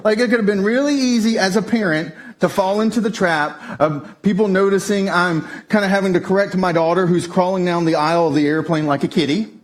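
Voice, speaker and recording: A man preaching a sermon, telling a family story with lively shifts up into a tense, excited delivery. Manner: animated storytelling, voice jumps high when telling the tense part. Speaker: pastor. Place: church stage.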